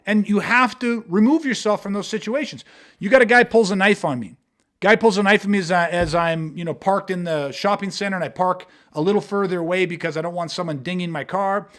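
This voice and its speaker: A man's voice: high-pitched, a little fast, a bit bright. A man talking bluntly and emphatically in a podcast conversation, swearing freely as he walks through street-confrontation scenarios. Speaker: martial arts instructor.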